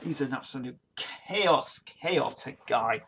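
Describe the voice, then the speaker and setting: A man's voice: medium pitch, lively intonation, slow pace, fairly bright tone, slightly rough. A man in his forties from Nottingham with an East Midlands accent, rambling through a casual livestream chat with lots of restarts and fillers. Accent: East Midlands English. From Nottingham, England. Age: 40s. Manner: rambling, many restarts and fillers, laughs often. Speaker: livestream host. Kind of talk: casual chat reading viewer comments.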